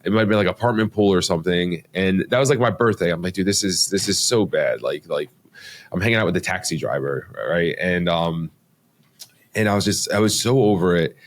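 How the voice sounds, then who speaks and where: Low-voiced man telling his story, rambling. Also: fairly quick. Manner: rambling, many restarts and fillers. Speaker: podcast guest. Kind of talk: casual storytelling interview.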